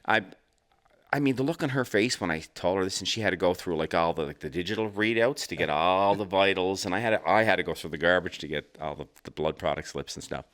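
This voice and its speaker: Casting: low-voiced Nova Scotia man, podcast co-host, blunt and salty. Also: a bit bright. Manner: blunt, swears freely, quick reactions. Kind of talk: casual chat.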